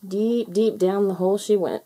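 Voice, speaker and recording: A woman reading a children's picture book aloud with gentle, expressive storytelling. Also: medium pitch, normal speed. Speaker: storybook reader.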